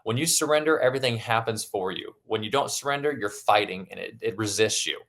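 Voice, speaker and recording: A man's voice: fairly low pitch, brisk, fairly bright tone. Man coaching through a webinar. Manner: conversational, acts out his own inner dialogue. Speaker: webinar presenter, life coach. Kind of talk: motivational webinar teaching.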